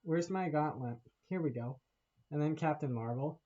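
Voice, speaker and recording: A man rants casually to the camera about films, rambling on, laughing and cursing between thoughts. His voice sits a little high. The recording is muffled and lo-fi. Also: moderate pace, mellow. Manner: rambling, laughs often, swears. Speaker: vlogger. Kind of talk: casual movie rant to camera.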